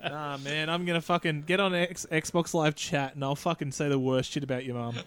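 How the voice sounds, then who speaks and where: Male co-host, slightly higher voice, heavy swearing, jokey banter. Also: steady tone, brisk, fairly bright tone, smooth. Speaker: podcast co-host. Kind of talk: casual podcast banter.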